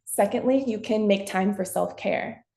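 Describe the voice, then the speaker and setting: Woman, parent-workshop presenter; warm, mellow tone, chatty and relaxed, recorded on a computer mic in a roomy, echoey space. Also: mid-range voice, normal speed, gravelly. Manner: casual and chatty, acts out example self-talk. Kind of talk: conversational webinar presentation. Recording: echoey room.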